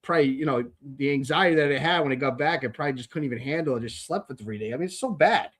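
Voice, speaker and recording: A man's voice: on the high side, quick pace. Blunt, profane man ranting on a podcast. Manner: blunt, profane and rambling, with many fillers and restarts. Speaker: podcast host. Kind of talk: casual ranting monologue.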